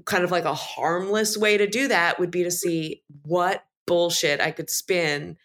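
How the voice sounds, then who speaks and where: A woman's voice: fairly low pitch, steady tone, a bit bright. Hesitant woman telling a story. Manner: halting, hesitant storytelling with restarts. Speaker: comedy podcast panelist. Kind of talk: casual improv chat.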